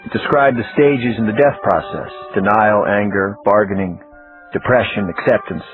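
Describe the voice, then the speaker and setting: A man narrating an audiobook in the first person, plain and steady. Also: on the low side, normal speed. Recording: tinny phone-like audio, faint music.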